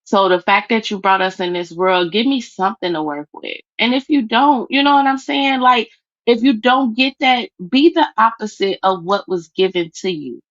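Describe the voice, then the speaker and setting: A woman's voice: mid-range voice, normal speed, fairly bright tone, no room sound. A woman speaking emphatically and with plenty of profanity on a livestream chat, tearful as she talks over a video call. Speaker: guest. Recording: dull, dry call audio.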